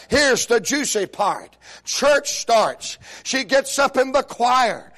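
An older man preaching a humorous sermon, telling folksy stories and rising into shouted praise. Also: extremely high pitch, big pitch swings, takes it slowly. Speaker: pastor.

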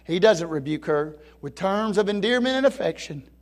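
High-voiced preacher man, swelling and hushing. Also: expressive, moderate pace. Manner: rising to near-shouting peaks of preaching fervor, then dropping low and soft. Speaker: pastor. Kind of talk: sermon.

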